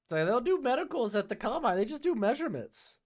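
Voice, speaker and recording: Casting: male streamer, chatty, relaxed commentary reading chat aloud. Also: very high-pitched, fast. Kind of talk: casual live-stream commentary.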